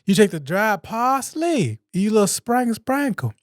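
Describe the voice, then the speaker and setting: Animated, jokey man hosting a podcast. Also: sits high, a little slow, no echo, clean studio sound. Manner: animated, jokey, talks to himself. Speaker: podcast host. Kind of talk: casual solo podcast chat.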